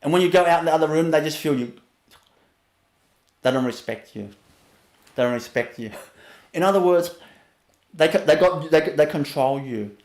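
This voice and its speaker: A man teaching in a spiritual webinar talk, his fairly high voice broken by frequent little laughs. He drops into a soft, hushed register when he shows what calm sounds like. The sound carries a noticeable room echo. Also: moderate pace, long pauses. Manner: laughs often between phrases, drops to a soft low voice to show calm.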